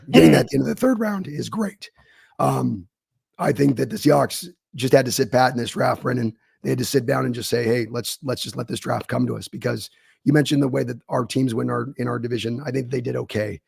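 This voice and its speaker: A man co-hosting a casual podcast chat, his voice going hoarse, talking confidently through his analysis with filler ums. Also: mid-range voice, brisk, darkish tone, no echo, studio quality. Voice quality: gravelly, husky. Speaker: co-host.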